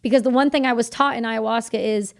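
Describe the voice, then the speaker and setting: A woman from Canada speaks as a guest on a podcast, her voice sitting a little high for a woman. She tells her story candidly and earnestly, in quick runs that slip into remembered bits of dialogue. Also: fairly even intonation, creaky. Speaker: podcast guest, combat veteran.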